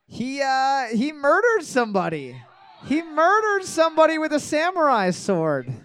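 A man's voice: very high voice, wildly swooping pitch, unhurried, a bit bright. A man hosting a casual trivia night, joking crudely and reading each question twice. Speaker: trivia quizmaster.

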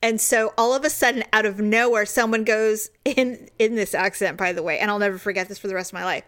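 A woman's voice: mid-range voice, fairly even intonation, fast talker, a bit bright. A woman co-hosting a casual chat, telling a story with lots of energy and acting out the voices of the people in it. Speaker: co-host.

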